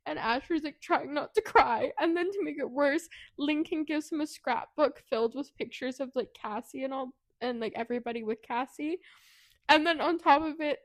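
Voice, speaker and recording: This podcast co-host, a woman with a fairly high voice, walks through a book's plot in a casual recap chat at a moderate pace. She's lively and giggly while retelling it, and she pitches her voice even higher to perform the characters' lines.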